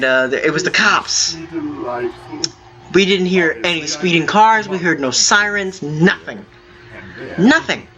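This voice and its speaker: A man hosting a gaming video, telling a long story in a halting, rambling way with many fillers while he plays. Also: a little high, dull audio. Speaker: gaming channel host. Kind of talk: telling a story over gameplay.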